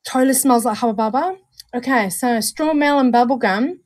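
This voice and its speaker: A woman's voice: on the high side, a little fast, darkish tone, dry recording. A New Zealand woman co-hosting a casual livestream, chatty and bubbly, calling viewers darling and honey. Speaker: vape show co-host.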